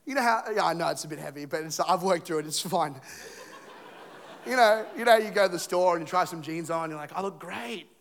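Male preacher, from England, thirties, high voice, animated storytelling sermon, playful. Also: brisk. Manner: animated, joking, acts out scenes and voices. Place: church stage.

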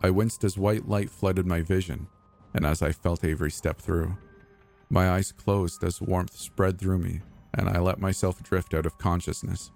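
In a very low, deep voice with vocal fry, a man narrates a first-person horror story. He speaks in a measured, deliberate way while soft music plays faintly beneath him.

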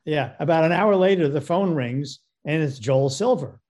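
A man with a slightly higher-than-usual voice tells a story as a guest. He is a film producer and director. He acts out phone calls with a lively back-and-forth, switching between the voices as he goes. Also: normal speed. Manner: animated retelling that acts out both sides of phone calls. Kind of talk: storytelling anecdote.

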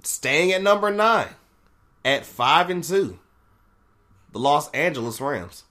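A man hosting a casual podcast, reading a sports ranking list out loud and laughing and swearing at the results. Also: a little high, sing-song, slow pace. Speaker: podcast host.

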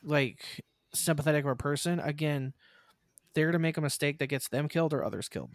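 A man's voice: on the high side, fairly quick, dry recording. Dry-miked man rambling about anime. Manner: rambling, restarts often, acts out quoted lines. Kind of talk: casual chat about an anime.

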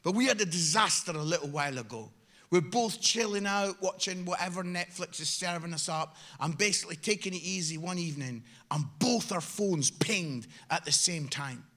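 A British man preaching a sermon full of funny personal stories, with lively swings from loud exhortation to quiet asides. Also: high-pitched, normal speed. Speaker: guest preacher. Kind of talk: sermon with humorous storytelling.

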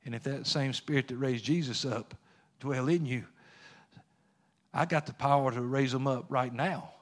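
A preacher doing Jesus as a patient, assured man, speaking quietly and firmly. He reasons step by step and presses his listener with pointed questions, in a middle-range voice. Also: mid-range voice, normal speed, natural voice. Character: calm assured male Jesus, patient teacher.

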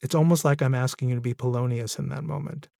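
A man's voice: medium pitch, fairly even intonation, fast talker, creaky, warm tone, no room sound. Thoughtful male podcast host, dry sound. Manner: thoughtful, talks through questions, light laughs. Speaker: podcast host and audiobook narrator. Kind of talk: podcast interview.

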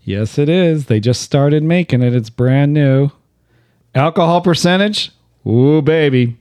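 A man's voice: on the high side, unhurried, a little mellow, smooth, no room sound, studio quality. A man in a casual chat, telling laid-back stories and laughing at his own jokes.

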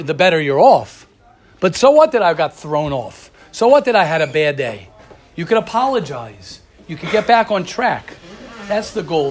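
Brief: male class teacher, animated storyteller, slightly high voice, casual lecture delivery. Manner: animated storyteller, addresses students by name. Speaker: teacher of a religious study class.

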